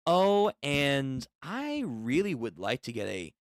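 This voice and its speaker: A man's voice: mid-range voice, sing-song, slow, dry recording, studio quality. A man reading the part of an enthusiastic woman tailor from a witches' association, in an eager, fussy, polite manner.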